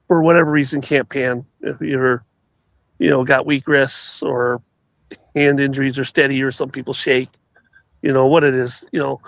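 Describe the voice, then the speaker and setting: A man's voice: on the high side, gravelly, a bit bright, no room sound. A man telling stories in casual chat on a show, rambling with many restarts and laughs.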